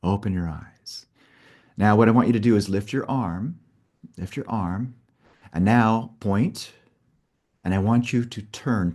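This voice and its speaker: Man, workshop facilitator, fairly low voice, instructive, frequent "okay" check-ins. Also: unhurried, pauses often, darkish tone. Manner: instructive, peppers talk with "okay". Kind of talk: guiding a live group exercise.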